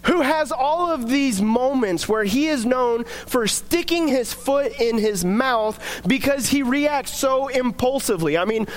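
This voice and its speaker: Young guy with a really high voice doing a chatty devotional talk, lots of likes and ums. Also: animated, a little slow, few pauses. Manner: chatty, filler-heavy storytelling. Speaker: devotional speaker.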